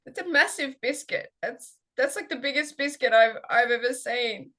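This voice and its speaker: An Australian woman plays out an improv comedy scene. Her voice is high, and she talks with giggly, halting restarts that keep the tone light and playful. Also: a bit bright.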